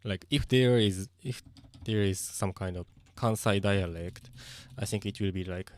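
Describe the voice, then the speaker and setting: A man's voice: fairly low pitch, unhurried, darkish tone. A young Japanese man streaming casually, speaking English with a Japanese accent, hesitant and often searching for words, slipping into Japanese. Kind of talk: casual live-stream chat.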